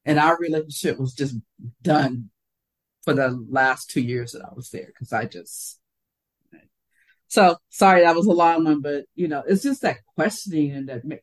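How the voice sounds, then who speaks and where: In a low-quality recording, an older woman with a low-sitting voice co-hosts a casual podcast chat. She animatedly tells a story from her working life, acting out the quoted voices of the people in it.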